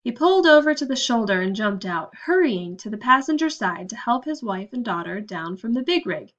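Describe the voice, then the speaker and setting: A woman narrating a children's storybook with a steady, expressive reading. Her voice is fairly high. The recording comes through slightly muffled. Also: moderate pace. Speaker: audiobook narrator.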